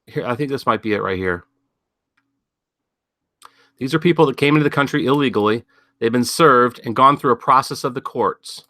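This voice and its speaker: Bright-voiced man rambling through news. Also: mid-range voice, moderate pace, long pauses, no room sound. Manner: rambling, sardonic, thinking aloud with many fillers. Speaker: podcast host. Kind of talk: casual news commentary.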